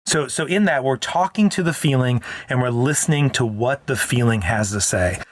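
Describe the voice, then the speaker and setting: Man, counselor co-hosting a podcast, mid-pitched voice, earnest, explanatory, dry close mic. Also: expressive, normal speed, dry recording. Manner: earnest, explanatory, with frequent restarts. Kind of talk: casual parenting chat.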